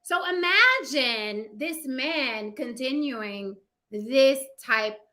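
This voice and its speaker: A woman giving casual, profane opinion commentary, with sassy, animated asides to her viewers. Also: high voice, extremely slow. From United States. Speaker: commentary vlogger.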